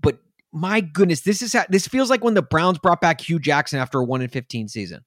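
A man's voice: fairly high pitch, expressive, a little fast, a bit bright, no room sound. A man co-hosting a sports podcast, ranting angrily about his team with many stumbles and restarts. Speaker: podcast co-host. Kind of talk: casual sports podcast rant.

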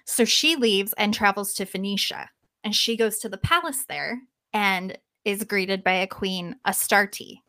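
A woman hosting a podcast who retells a myth in a lively, casual way, swearing now and then. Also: mid-range voice, unhurried, dry recording. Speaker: podcast host. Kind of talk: casual storytelling.

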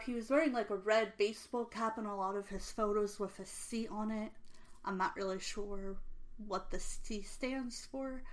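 A young woman talks through a true crime case in a loose, casual way. She is earnest and emotional, and her speech is full of "like" and "um". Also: medium pitch. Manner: earnest and emotional, many fillers.

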